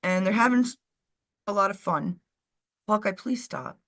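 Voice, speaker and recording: Chatty woman with a lively, swinging voice. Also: medium pitch, normal speed, vocal fry. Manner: chatty, rambling, scolding her dog. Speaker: co-host of a live show. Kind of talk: casual live-stream chat.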